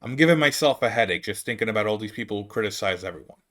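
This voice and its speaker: This comedian podcast host from the United States speaks with a Brooklyn accent in a fairly low, animated, slightly bright voice that races along. His casual comedy monologue is rambling and exasperated, with plenty of restarts.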